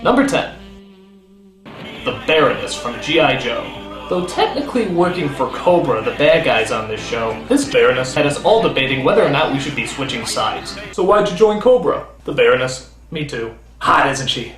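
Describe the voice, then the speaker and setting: Sarcastic, animated male comedic critic. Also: mid-range voice. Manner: sarcastic, animated, quick comic asides. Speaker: host and critic. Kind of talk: comedic countdown review. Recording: roomy studio with faint music.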